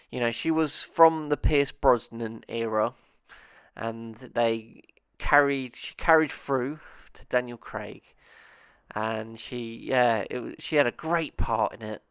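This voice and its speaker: A man's voice: mid-range voice, a little slow, fairly bright tone, smooth, no echo. A man hosting his own movie review show, rambling in a naive, self-interrupting comic monologue.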